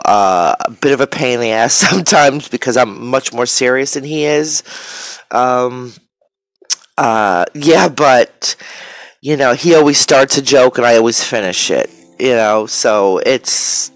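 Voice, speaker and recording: Woman, forties, casual rambling craft vlog chat, unhurried pace, faint background music. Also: rumbling low, no echo. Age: 40s. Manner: chatty and rambling, with many fillers. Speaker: crafter vlogger. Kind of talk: casual chat while showing art materials.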